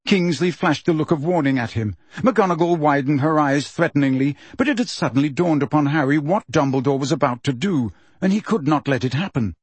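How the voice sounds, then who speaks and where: A man narrating an audiobook with expressive, measured storytelling. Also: fairly high pitch, slightly rough, no room sound.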